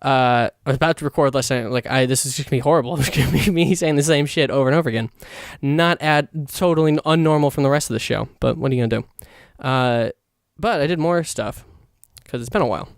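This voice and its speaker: A young man hosting a solo podcast, rambling excitedly in a casual monologue and swearing a lot. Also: medium pitch, quick pace, hardly any pauses, dry recording, studio quality. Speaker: podcast host.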